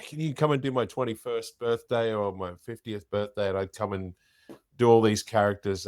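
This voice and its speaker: An Australian middle-aged man, an impersonator, telling his story in a chatty, animated way as an interview guest. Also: fairly low pitch, no echo.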